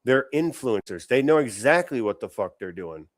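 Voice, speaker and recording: A man delivers rough-edged political commentary, blunt and full of swearing. He sounds close to the mic, with no room around him. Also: mid-range voice, very animated, moderate pace, no room sound. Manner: blunt, profane, ranting. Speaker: podcast host.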